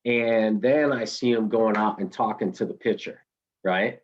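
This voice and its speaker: A middle-aged man, a college baseball head coach, telling stories in a relaxed interview, with frequent restarts and "right?" tag questions. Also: fairly low pitch, unhurried, lo-fi sound. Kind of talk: conversational interview storytelling.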